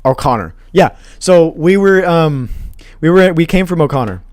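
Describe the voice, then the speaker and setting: A man's voice: fairly high pitch, animated, moderate pace, darkish tone, dry recording. A young man tells a school story in a rambling, laid-back way, full of fillers and casual swearing. His voice sounds close and dry, with no room around it. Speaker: podcast co-host.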